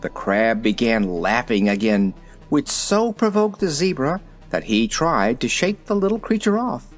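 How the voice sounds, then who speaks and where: A narrator reading a children's story in a lively, expressive way. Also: medium pitch, measured pace, soft background music.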